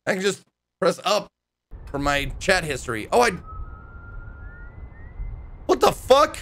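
A man's voice: high voice, sing-song, slow pace, gravelly, a bit bright, slight background noise. A man streaming a horror game, chatting and joking in casual commentary. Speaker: gaming streamer. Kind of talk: casual let's-play commentary.

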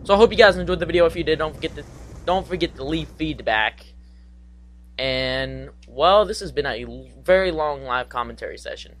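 A young man giving live gameplay commentary, excitable and goofy, trash-talking with singsong asides. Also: on the high side, moderate pace, a little hiss or hum. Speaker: gaming commentator.

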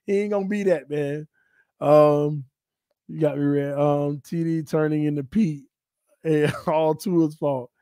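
A man's voice: a little high, steady tone, takes it slowly, dark tone, no echo, clean studio sound. Playful man hosting a sports livestream. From Florida. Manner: playful trash talk, laughing, reading chat aloud. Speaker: sports talk livestream host. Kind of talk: casual live-chat banter.

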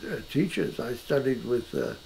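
An older man, a painter, talking at home about art in an animated and emphatic way, often restarting his sentences. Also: medium pitch, moderate pace, creaky, slight background noise, low-quality recording. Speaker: painter being interviewed. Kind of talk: casual conversation. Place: his own house.

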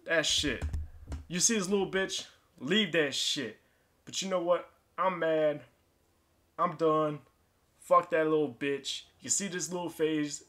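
A young man commenting on a basketball video game, his voice sitting a bit high. He swears and rants, fed up with his teammates. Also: takes it slowly, pauses often, a bit bright. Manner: frustrated, swearing, ranting at teammates. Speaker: gaming youtuber. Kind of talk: casual gameplay commentary.

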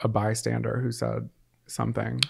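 Gravelly-voiced wry male co-host. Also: mid-range voice, monotone, normal speed, darkish tone. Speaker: podcast co-host. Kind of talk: casual chat.

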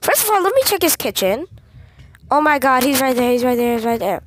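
Brisk, high and very animated, with no echo, this young woman's voice drives excited gameplay commentary on her channel. She gets scared easily, speaks straight to her viewers, and says the same short phrases over and over.

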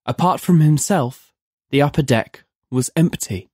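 A narrator reading a dark horror story aloud in a measured, vivid storytelling manner. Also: mid-range voice, breathy edge, dry recording, studio quality. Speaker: narrator of a horror audio drama.

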